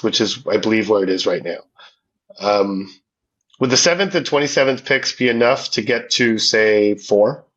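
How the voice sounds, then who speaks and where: A man's voice: medium pitch, fairly bright tone, highs cut off. A man co-hosting a casual sports podcast, talking through his thoughts with many restarts and easy laughs. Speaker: podcast co-host. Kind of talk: casual hockey podcast chat.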